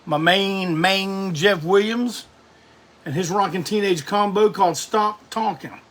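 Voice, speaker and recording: A man's voice: high voice, a little slow, a bit bright. A middle-aged man hosts a casual live stream, greeting viewers by name and rambling loosely.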